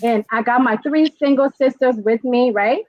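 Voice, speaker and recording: A woman with a Liberian accent hosting a casual talk show, animated and laughing as she teaches slang phrases. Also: a little high, normal speed, no echo. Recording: dull, dry lo-fi sound.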